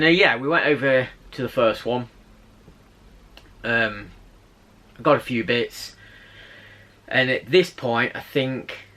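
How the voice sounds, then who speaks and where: A man tells a story from his weekend in a casual vlog. His voice is bright and forward at an ordinary pitch. He rambles, restarts, and chuckles as he goes. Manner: chatty, rambling, laughs while telling a story. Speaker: channel host.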